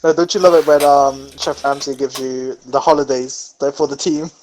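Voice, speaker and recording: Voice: medium pitch, steady tone, normal speed, a little mellow, slight background noise, rough recording. A co-host in a casual podcast chat, giggly and jokey.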